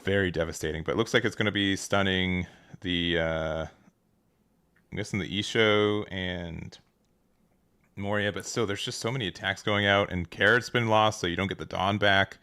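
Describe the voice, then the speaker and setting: A man commentating a card game match in a casual, relaxed way, hedging often and restarting his sentences. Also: low voice, normal speed, clean tone.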